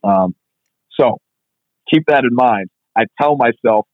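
A strength coach being interviewed, telling stories in a fast, casual way full of "like". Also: male voice, mid-range voice, dry recording. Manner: fast, filler-heavy, constant "like". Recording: tinny phone-like line, dry.

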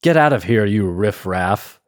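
A man's voice: fairly low pitch, sing-song, measured pace, darkish tone. A man doing a brash, fearless castle-sitter. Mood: yelling.

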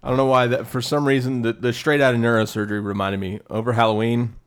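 A man with a middle-pitched voice co-hosting a podcast. He tells stories and sports trivia bluntly, with casual swearing. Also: little pitch movement, quick pace, clear, resonant tone. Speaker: podcast co-host. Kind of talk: casual profane banter.

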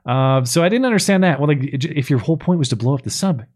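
A man's voice: a little high, quick pace. Man ranting casually about a movie. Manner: chatty, sarcastic, animated complaining. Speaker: podcast host. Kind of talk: casual chat reviewing a film.

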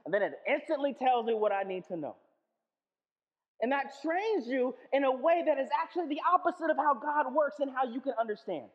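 A pastor preaching a sermon, animated, acting out little back-and-forth dialogues and often restarting phrases. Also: high-pitched, fairly quick. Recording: echoey hall, dull lo-fi sound.

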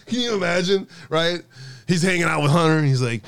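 Jokey livestream guy, kinda high voice, chatting w viewers, sarcastic. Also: fairly quick, vocal fry, a bit bright, clear, resonant tone. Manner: jokey, sarcastic, laughs often. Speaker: livestream host. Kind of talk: casual livestream chat.

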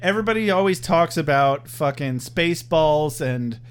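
A man co-hosting a podcast, chatting in a joking, profane way. His voice sits high and swings widely in pitch, and he laughs often. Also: lively intonation, moderate pace, smooth. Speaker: podcast co-host. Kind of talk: casual chat.

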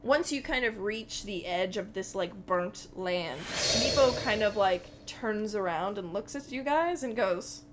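A woman's voice: mid-range voice, animated, unhurried, hardly any pauses, background noise. A young woman narrating as game master in a casual, rambling way full of fillers.

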